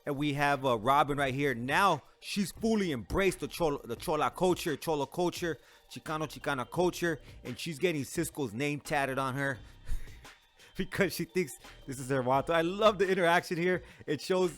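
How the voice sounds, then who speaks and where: A man's voice: on the high side, moderate pace, a bit bright, faint music behind. Profane laughing man reacting to a movie. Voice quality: profane, slangy, laughs often. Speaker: movie reviewer.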